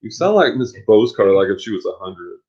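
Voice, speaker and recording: A man's voice: fairly low pitch, very animated, brisk, darkish tone, slightly rough. A man co-hosting a casual live stream late at night, tired and easygoing, reading out viewer comments. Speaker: co-host of a reselling live show. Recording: dull lo-fi stream audio.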